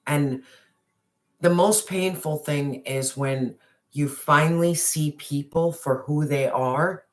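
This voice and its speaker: Speaking slowly at a medium pitch, this tarot reader gives a viewer a forceful, emphatic reading full of slang and curse words. Now and then certain phrases sink into a whisper.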